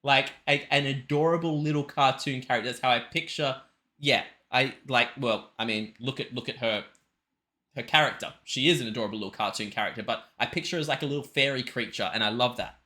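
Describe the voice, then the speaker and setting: A man hosting a music reaction video, excitable and rambling, often restarting his sentences. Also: medium pitch, brisk. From Australia. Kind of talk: casual reaction commentary.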